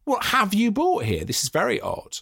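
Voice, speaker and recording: Male podcast host, teasing, lively pitch, dry close sound. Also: gravelly, slightly rough, dry recording. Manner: teasing, quick interviewer. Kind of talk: casual chat.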